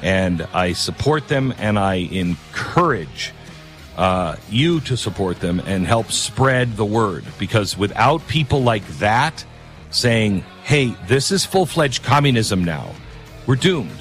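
A man's voice: fairly low pitch, expressive, slow, fairly bright tone, soft background music. A man hosting a talk radio show, delivering a rambling, opinionated monologue with self-deprecating asides.

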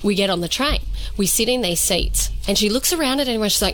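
A young-sounding Australian woman telling a story on radio, bright and a little high. Her delivery is animated, and she giggles as she goes. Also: fast talker, poor audio. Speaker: radio producer.

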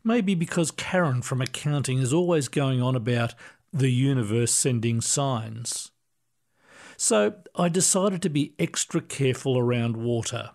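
Guy narrating stories, calm and slow, takes his time. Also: mid-range voice, creaky. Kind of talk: storybook reading.

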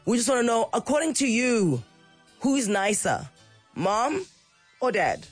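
A woman radio host, a little croaky from illness, chatting playfully on breakfast radio. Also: fairly high pitch, unhurried, faint music behind. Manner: playful, animated.

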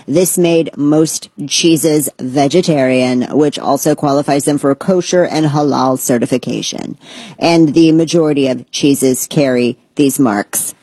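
A woman putting on a flat, monotone robot voice to read dry facts. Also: low-pitched, slightly rough, no room sound.

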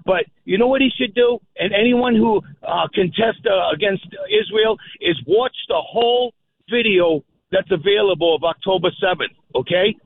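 Man, radio caller, halting and agitated, lots of fillers, high-pitched voice, tinny phone line. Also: gravelly, husky. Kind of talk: call-in on talk radio.

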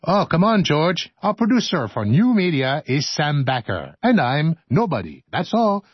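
A husky-voiced man reads radio script and keeps breaking into jokes and bits of song. His pitch swings widely as he banters. The sound is dry and a little dull, close in a studio. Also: big pitch swings, normal speed, no echo. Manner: playful, joking, breaks into laughter and singing. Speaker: radio host. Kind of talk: outtakes of scripted radio narration.

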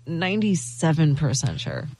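A woman's voice: low voice, wildly swooping pitch, moderate pace, dark tone. A woman co-hosting a casual chat show on a studio mic. She is bubbly and giggly and pokes fun at herself. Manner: bubbly, giggly, self-mocking. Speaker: co-host.

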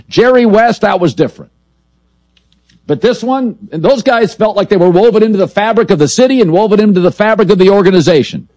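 Emphatic sports talk host, lively pitch. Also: male voice, a little fast, dry recording. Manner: emphatic, declarative, punchy lists.

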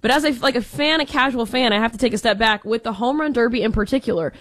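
High-voiced opinionated woman co-host. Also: fast talker, fairly bright tone. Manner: opinionated, emphatic. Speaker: sports radio co-host. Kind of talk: casual sports talk radio.

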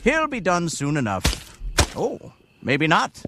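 A man's voice: fairly high pitch, huge pitch swings, takes it slowly, heavy background noise, exaggerated voice. A man playing a folksy old man who drawls and chuckles at his own jokes. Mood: amused. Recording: comedy clip with loud music.

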